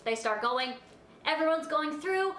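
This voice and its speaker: A high-pitched young-sounding woman rambles through a storytime vlog, chatty and animated, packing in filler words. Her voice rings in an echoey room. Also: unhurried. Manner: animated, acts out her own reactions. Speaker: vlogger.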